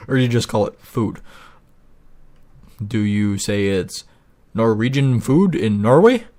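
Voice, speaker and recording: A man talks over his gameplay in a loose, rambling way. His voice sits at an ordinary middle pitch. He swears freely and drifts into rants as he plays. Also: very animated, takes it slowly, pauses often, darkish tone. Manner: rambling, profane and ranting. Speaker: gaming video host. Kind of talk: casual gameplay commentary.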